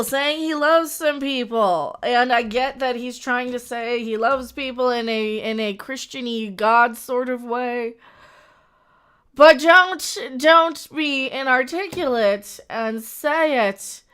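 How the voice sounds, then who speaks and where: A woman's voice: high-pitched, slow, a bit bright, clean tone. A woman hosting a casual livestream, rambling with frequent laughs and restarts. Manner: rambling, laughs often, self-interrupting. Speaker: livestream host.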